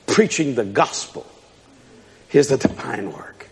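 A man preaching a sermon in a church hall, fiery and emphatic, shouting and repeating his lines. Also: medium pitch, lively intonation, takes it slowly, vocal fry. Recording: long hall reverb.

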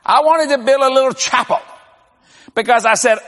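An older man, a pastor, preaching with lively storytelling, acting out dialogue and laughing often. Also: extremely high pitch, moderate pace, long reverb tail. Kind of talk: sermon.

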